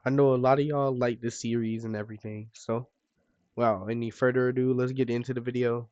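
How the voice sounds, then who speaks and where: A hoarse man losing his voice, chatting casually as he comments on a game. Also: mid-range voice, little pitch movement, fairly quick, a little mellow, dry recording, highs cut off. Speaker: gaming YouTuber.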